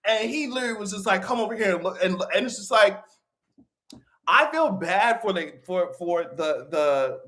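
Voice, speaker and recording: Profane, animated live-stream commentator. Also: medium pitch, moderate pace. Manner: profane, animated, laughs often.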